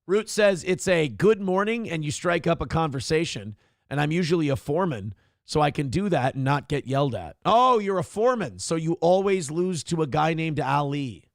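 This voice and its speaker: A man hosting a morning show, reading viewer chat in a casual, sardonic way and cursing freely. His voice sits a little high and swings widely in pitch, jumping up into a sing-song for the lines he quotes. The sound is dry and close, with no room around it. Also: animated, normal speed, no echo. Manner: sardonic, mock-indignant, swears freely.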